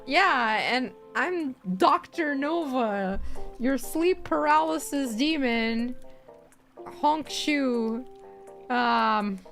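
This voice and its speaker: A woman's voice: sits high, lively intonation, very slow, vocal fry, a bit bright, soft background music. A woman streamer chatting casually with her viewers, playful, laughing often and swearing now and then.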